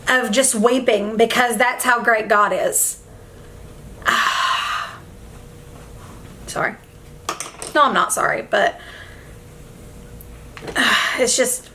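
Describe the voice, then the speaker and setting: Emotional, effusive young woman, higher voice. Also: pushed and bright. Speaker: beauty vlogger. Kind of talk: casual get-ready-with-me chat. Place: at home, indoors.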